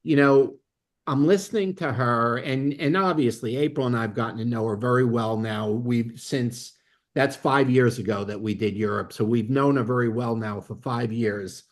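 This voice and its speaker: A man's voice: medium pitch, moderate pace. A man leading a network marketing training, speaking emphatically and often checking in with "okay?". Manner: emphatic, peppers lines with "okay?"; excitable, bursts of laughter. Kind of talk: motivational training talk.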